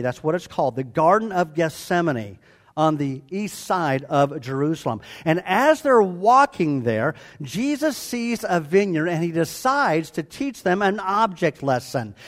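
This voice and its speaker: A man in his sixties preaching a sermon to a congregation, animated and joking with them as he teaches. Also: high-pitched. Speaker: pastor. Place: church before a live congregation.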